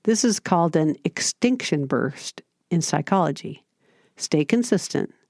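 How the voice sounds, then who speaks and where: A woman hosting a parenting podcast, giving scripted advice in a calm, steady, explanatory way. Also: low-pitched, unhurried, vocal fry, no room sound, clean studio sound. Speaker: podcast host.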